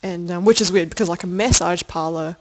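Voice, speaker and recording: A woman's voice: on the low side, brisk. A young woman telling a personal story for a video diary, rambling with lots of fillers, laughter and casual swearing. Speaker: video diarist.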